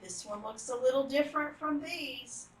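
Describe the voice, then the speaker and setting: A woman reading picture books aloud to children, animated and full of gasps and exclamations. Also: high-pitched, moderate pace, reverberant, distant mic, low-quality recording. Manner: animated, gasping, exclaiming to young listeners. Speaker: children's storytime reader.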